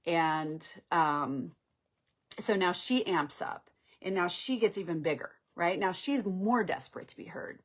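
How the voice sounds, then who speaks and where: On a live stream, a woman relationship coach talks conversationally, voicing the lines of couples and regularly checking in with "right?". Her voice is low and her pace moderate.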